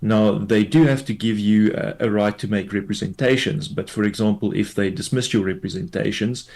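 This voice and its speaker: A man, a tax law expert, explains a court ruling in a measured way, with many fillers, in a radio news interview. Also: on the low side, steady tone, a little mellow.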